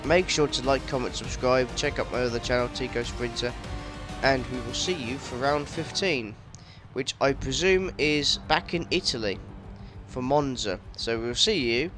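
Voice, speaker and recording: A man's voice: mid-range voice, normal speed, music in the background. Rambling gamer man, hiccuping. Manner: rambling, with many fillers and self-corrections; excitable, laughing outbursts. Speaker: gaming YouTuber. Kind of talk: casual race recap commentary.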